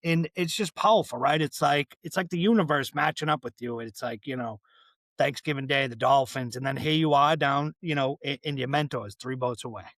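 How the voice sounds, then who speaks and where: A man's voice: mid-range voice, fairly quick, a bit bright, no room sound. A man hosting a podcast, reflecting on his guest's story in a rambling way and often asking "right?". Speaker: podcast host. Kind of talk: casual interview chat.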